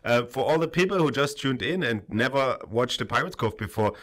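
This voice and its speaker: A man's voice: mid-range voice, animated, a little fast, fairly bright tone. A tired young man who speaks natively, hosting a casual livestream chat in English and rambling loosely with fillers. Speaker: stream host.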